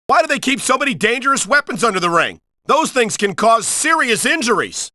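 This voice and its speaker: A middle-aged man calling play-by-play for a wrestling video game, earnest and excitable, a bit prim and scolding. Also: extremely high pitch, a little fast, few pauses, no echo, clean studio sound. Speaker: play-by-play commentator.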